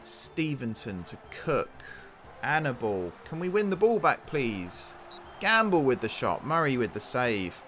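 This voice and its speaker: A man's voice: medium pitch, measured pace. A man hosting a gaming channel, casually commentating a football management game and urging his players on, with faint music behind him. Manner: excitable, talks to the game's players.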